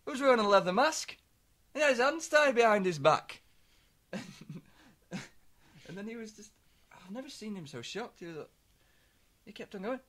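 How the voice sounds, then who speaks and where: A man on a comedy podcast, rambling through deadpan anecdotes with stammered restarts. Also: high-pitched, normal speed, pauses often. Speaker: podcast co-host. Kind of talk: comic storytelling chat.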